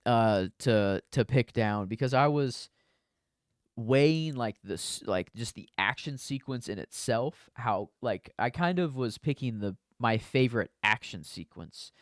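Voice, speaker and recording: A man co-hosting a podcast in a relaxed, rambling chat, often circling back with "you know". His voice is smooth and clear. The sound is dry and close, with no room around it. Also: mid-range voice, unhurried, dry recording. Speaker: podcast co-host. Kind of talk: casual movie discussion.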